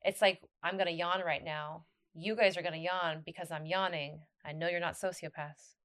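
A woman with a lowish voice chats casually as a podcast co-host. She rambles and circles back, restarting her sentences as she works through a thought. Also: fairly even intonation, normal speed, fairly bright tone. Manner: rambling, many restarts and fillers. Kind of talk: casual chat.

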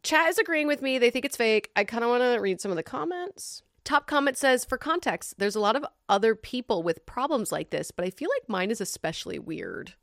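A young woman with a fairly high, very lively voice that swings up and down as she reacts to stories on a live stream. She reads aloud, then bursts into expressive, exaggerated commentary. The sound is close and dry, with no room around it. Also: creaky, no room sound. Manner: animated and expressive, quick laughs and exaggerated reactions.

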